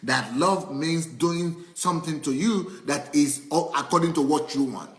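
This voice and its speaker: Male pastor, lively preaching, acts out stories, slightly high voice, roomy echo. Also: measured pace. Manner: animated preaching with acted-out anecdotes and repetition. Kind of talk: sermon.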